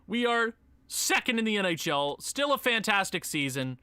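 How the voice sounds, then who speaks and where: Young male gaming commentator, excitable, bright lively voice, dry close mic. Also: high-pitched, moderate pace, smooth, dry recording. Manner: excitable, swings from muttering to shouting. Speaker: gaming YouTuber. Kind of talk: casual game commentary.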